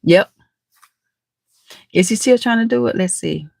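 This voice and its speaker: A woman's voice: mid-range voice, unhurried, gravelly, darkish tone, no room sound, studio quality. A woman hosting a live stream and chatting with viewers, teasing and laughing often, with speech. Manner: chatty, teasing, calls viewers nephew and baby. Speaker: livestream host. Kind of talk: casual live chat reading comments.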